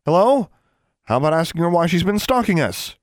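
A man voicing an indignant teenage witch girl with shrill, exasperated outbursts. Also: big pitch swings, a little fast, a bit bright, no room sound, studio quality. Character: young woman, indignant teen witch.

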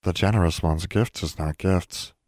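A man's voice: low voice, normal speed, dry recording, clean studio sound, natural voice. A man whispering as a timid little elf servant. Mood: hushed. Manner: soft hushed third-person speech.

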